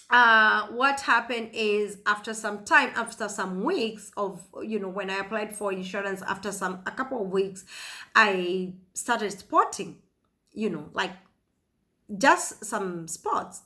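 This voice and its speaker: Woman, 30s, vlogger recounting her own story; bright tone, starts and restarts often. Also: mid-range voice. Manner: halting, many fillers and restarts. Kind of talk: personal storytelling.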